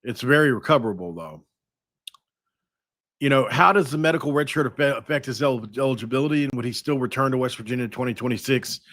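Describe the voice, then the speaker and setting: A man's voice: medium pitch, fast, a bit bright, no echo. Rambling man, dry close podcast mic. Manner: rambling, thinks aloud with frequent restarts. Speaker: podcast host. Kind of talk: casual sports podcast talk.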